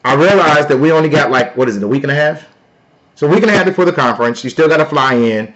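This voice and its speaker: A man hosting a live stream, talking loudly and playfully to his viewers in a casual sales pitch. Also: quick pace, dull audio. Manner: loud, playful, talks to chat. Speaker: livestream host.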